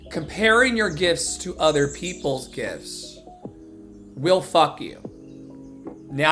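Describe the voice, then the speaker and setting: Bright-voiced man preaching with fervor. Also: a little high. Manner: emphatic, preacherly, blunt and profane. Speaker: show host and preacher. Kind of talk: impassioned motivational sermon.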